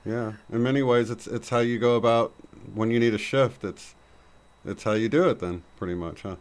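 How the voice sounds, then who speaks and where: A man's voice: mid-range voice, fairly even intonation, moderate pace. A man hosting a casual chat who rambles, with lots of fillers. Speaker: host.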